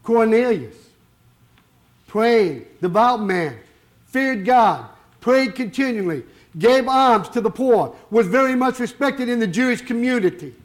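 A man's voice: extremely high pitch, lively intonation, a little slow. A man preaching a sermon, firing rhetorical questions and stretching out the words he wants to stress.

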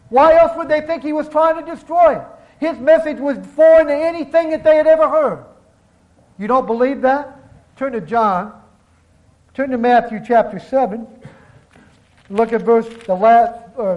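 Guy preaching w a really high voice, slows way down to hammer a point, calls everyone brethren. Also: rough recording. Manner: emphatic, slows down to stress words, addresses congregation as brethren. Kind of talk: sermon.

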